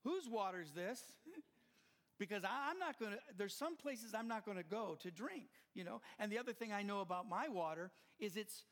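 Older male pastor, high-pitched, passionate preaching style with rising builds. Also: expressive, moderate pace. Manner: impassioned preaching, swelling louder at climaxes. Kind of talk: sermon.

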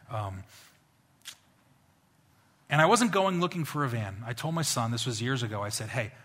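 A man preaching a sermon as a pastor, telling stories in an animated, conversational way. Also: fairly low pitch, gravelly.

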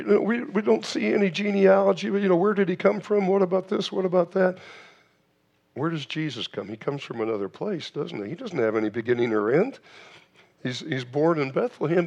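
A man's voice: sits high, creaky, darkish tone, dull audio. Man, pastor, preaching a sermon, rhetorical questions, frequent restarts and fillers.

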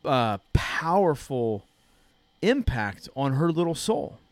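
A man's voice: mid-range voice, big pitch swings, slow pace, no echo. Earnest man telling a farm story. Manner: earnest storytelling, frequent restarts. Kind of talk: casual chat.

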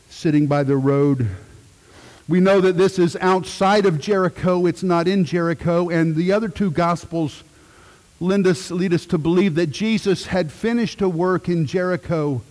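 A middle-aged man, a pastor, preaching a sermon with emphatic swells and hushed moments. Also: a little high, big-room sound.

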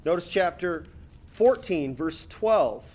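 A man preaching an expository sermon, reading scripture aloud and then explaining it in a conversational way, slowing down to stress key words. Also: high voice, expressive, darkish tone. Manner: slows down and stretches words for emphasis.

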